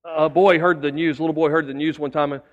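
A pastor preaching in a fairly high voice, his words trailing off into the long reverb of a church hall. He tells his stories in a folksy way, often repeating a word as he goes. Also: fairly even intonation, quick pace, muffled recording. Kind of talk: sermon.

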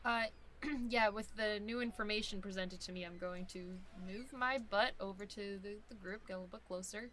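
A woman's voice: medium pitch, moderate pace, sharp tone, slight background noise. A woman playing a tabletop game, describing her moves tentatively. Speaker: player. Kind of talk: casual tabletop play.

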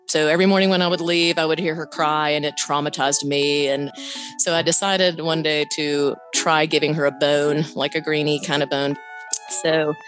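A middle-aged woman telling a personal story in a lively way, laughing now and then. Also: sits low. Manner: animated, laughs while telling, voice jumps up on quotes. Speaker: guest telling her story. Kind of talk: conversational storytelling.

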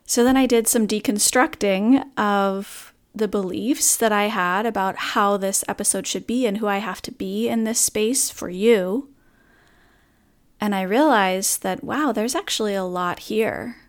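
A woman's voice: medium pitch, unhurried. A woman hosting her own podcast, talking candidly and earnestly about a hard morning in a reflective monologue. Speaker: podcast host.

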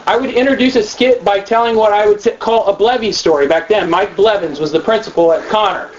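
A man giving a training talk to youth leaders, animated and acting out the kids he quotes. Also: high-pitched, a little fast. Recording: dull lo-fi room recording with faint noise.

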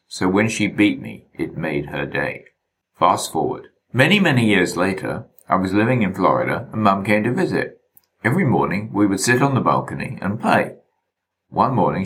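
A man reads his memoir aloud, wry and deadpan. His voice sits very low, yet his delivery rises and falls with lively expression. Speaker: narrator. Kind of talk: memoir reading.

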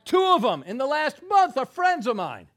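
A man preaching a sermon, telling a folksy joking story, swinging between loud exclaiming and hushed soft delivery. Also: very high voice, wildly swooping pitch, moderate pace. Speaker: pastor.

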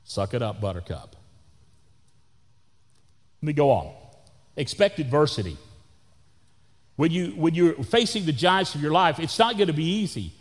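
A man, a pastor, preaching a sermon in an animated way and acting out the people he quotes. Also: a little high, moderate pace, pauses often, big-room sound.

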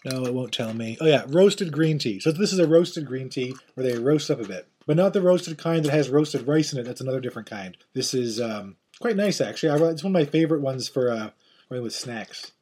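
A man's voice: medium pitch, brisk, husky. A middle-aged man hosting a podcast in casual chat, rambling and joking as he goes. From Ireland. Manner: rambling, jokey, animated. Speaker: podcast host.

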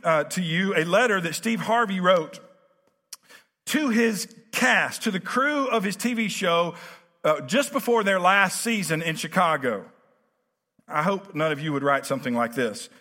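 A pastor preaching a conversational sermon, full of fillers and restarts, that builds to emphatic preaching. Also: male voice, high voice, animated, unhurried, sharp tone. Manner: rising to emphatic preaching cadence. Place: church sanctuary. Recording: reverberant church sanctuary.

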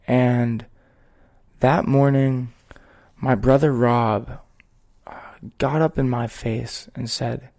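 A man talks slowly and earnestly as a podcast host, his voice carrying a gravelly fry. He takes his time and weighs each phrase, with a voice neither high nor low. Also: steady tone, darkish tone. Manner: slow, measured, earnest storytelling. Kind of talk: reflective podcast conversation.

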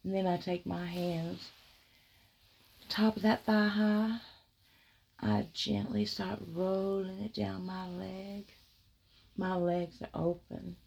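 A woman telling a first-person erotic story, drawing out her words with soft murmurs and frequent giggles. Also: mid-range voice, flat delivery, slow pace, vocal fry, long pauses, breathy edge.

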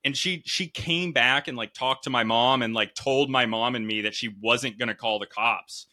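A man hosting a podcast, telling personal stories in casual, animated, profane chat. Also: mid-range voice, normal speed. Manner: storytelling, swearing, animated. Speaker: podcast host. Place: Connecticut home.

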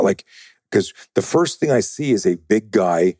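A man, a self-defense trainer, talking as a podcast guest in a casual, profane, animated way and acting out the quotes in his stories. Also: low-pitched, fairly quick, breathy edge, no echo, studio quality.

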